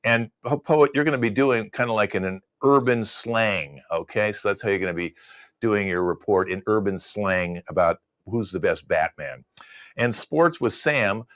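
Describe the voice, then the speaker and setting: Guy hosting improv games over video call, lowish voice, laid back. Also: moderate pace, fairly bright tone. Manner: easygoing, explains game rules. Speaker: improv show host. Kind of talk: casual game hosting.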